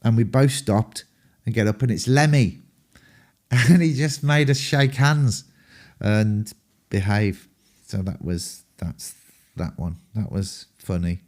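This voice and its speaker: Warm-voiced English rock frontman, rambling. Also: fairly low pitch, takes it slowly, pauses often. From England. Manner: rambling, profane, full of ums. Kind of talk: candid anecdotal storytelling.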